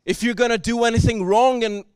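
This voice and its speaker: High-voiced preacher, dry sound. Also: male voice, steady tone, fairly quick, clean tone, no room sound. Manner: earnest, swings from soft to loud and emphatic. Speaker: pastor. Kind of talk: sermon. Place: church service.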